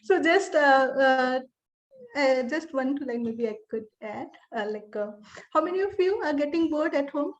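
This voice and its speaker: Woman, high voice, yoga teacher, hesitant, many fillers, video call. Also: expressive, normal speed, highs cut off. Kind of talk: casual guest greeting.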